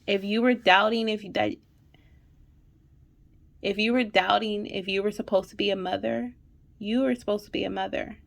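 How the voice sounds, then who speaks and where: A woman's voice: medium pitch, steady tone, normal speed, vocal fry, pauses often. Woman, spiritual host, emotional, near tears, repetitive affirmations, monologue. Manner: emotional, affirming, repeats phrases, many "okay"s. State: holding back tears. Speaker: spiritual fertility channel host. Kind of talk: intuitive card reading monologue.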